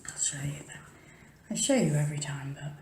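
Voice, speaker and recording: A woman's voice: deep voice, fairly quick, warm tone, slight background noise. A woman rambling chattily to her camera at home, often dropping to a whisper and interrupting herself. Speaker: paranormal vlogger. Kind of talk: casual chat, rambling and chatty. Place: home room, early morning. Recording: echoey room.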